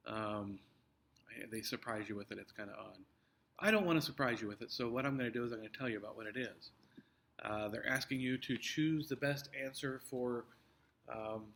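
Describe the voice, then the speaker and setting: A male teacher patiently explains an upcoming test to his students in a recorded review. His ordinary mid-pitched voice has a fairly bright tone, and his delivery is halting, with frequent restarts and fillers like "um" and "uh."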